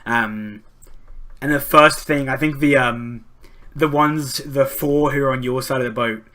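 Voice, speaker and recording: A male game master narrating an online tabletop session, pausing often and reaching for words. His voice is bright and forward, with a middle pitch. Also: steady tone. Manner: hesitant, full of likes and ums.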